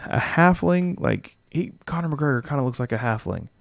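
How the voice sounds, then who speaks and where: A man's voice: a little high, animated, moderate pace, gravelly, dry recording. A man chatting casually on a livestream as he builds a game character, thinking aloud, reading rules text and answering his chat.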